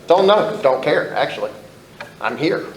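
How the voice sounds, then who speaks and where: A man's voice: on the high side, animated, unhurried, reverberant, slight background noise, low-quality recording. A man telling his own recovery story to a group, candid and blunt, swearing freely, rambling with restarts.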